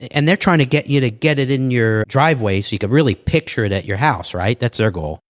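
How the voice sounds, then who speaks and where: Male entrepreneur guest, animated pitchman delivery, dry studio sound. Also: fairly quick, hardly any pauses, no echo. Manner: animated salesman patter, acts out dialogue. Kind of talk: casual interview talk.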